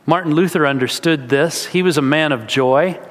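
A pastor with a slightly high voice speaks at a normal speed as he preaches a sermon. He's earnest and tells stories, dropping casual asides to the congregation, and the hall around him is echoey.

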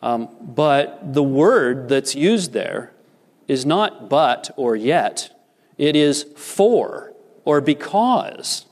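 A man preaching a sermon as a pastor, measured and deliberate, lifting his voice for emphasis. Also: mid-range voice, animated. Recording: long reverb of a large hall.

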